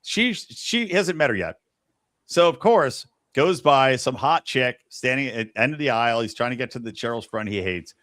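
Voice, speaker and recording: A man's voice: mid-range voice, expressive, moderate pace, fairly bright tone, no room sound. A man hosting a podcast, telling the story of a TV episode in casual chat and acting out the characters' lines. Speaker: podcast host.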